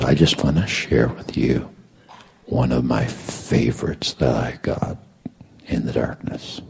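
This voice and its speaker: A male preacher with a very low, deeply husky voice that sounds worn and breathy. He delivers his sermon slowly and deliberately. He swings between booming declarations and soft, close-up asides. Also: fairly even intonation. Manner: preaching, swinging from loud proclamations to hushed intimate talk. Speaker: pastor.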